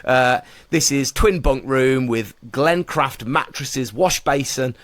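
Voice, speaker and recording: A man's voice: mid-range voice, takes it slowly, a bit bright, no room sound. A man co-hosting a casual podcast, eagerly quizzing the others. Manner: enthusiastic, quizzing. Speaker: podcast co-host. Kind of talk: casual chat. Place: podcast cabin.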